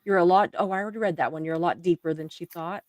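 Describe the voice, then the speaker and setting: A chatty Southern woman hosts a relaxed livestream. She laughs often as she reads out viewer comments. Her voice sits at an average pitch and is recorded dry and close. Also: rapid-fire, no room sound. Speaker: livestream host. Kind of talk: casual chat reading viewer comments.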